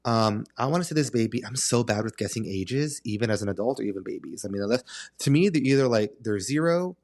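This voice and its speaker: A man's voice: medium pitch, quick pace. A man hosting a podcast, telling a long story in a casual, dramatic way and acting out the exchanges. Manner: animated, dramatic storyteller who acts out exchanges. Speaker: podcast host.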